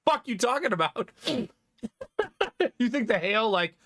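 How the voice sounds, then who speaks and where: A man streaming live, chatting casually with his viewers, animated and laughing often, with some swearing. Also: extremely high pitch, slight background noise.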